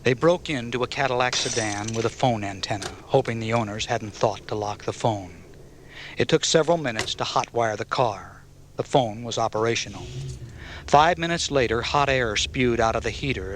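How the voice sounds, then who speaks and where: A man's voice: lowish voice, moderate pace, a bit bright, slight background noise. Man narrating an audiobook evenly.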